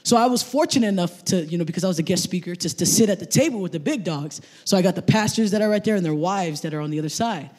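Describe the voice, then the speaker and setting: A man in his thirties preaches in a church service, his voice pitched high for a man. He talks to the congregation like a friend, tags "right?" onto nearly every point, and tells his stories with animated energy. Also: fast, hardly any pauses. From Samoan family background. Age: 30s. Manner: animated storyteller, asks the crowd to repeat phrases. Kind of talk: sermon.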